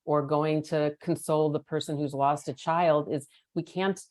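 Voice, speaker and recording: A woman's voice: sits low, fairly even intonation, normal speed, darkish tone. A woman hosting a podcast, speaking in a thoughtful, reflective way. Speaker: podcast host. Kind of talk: podcast conversation.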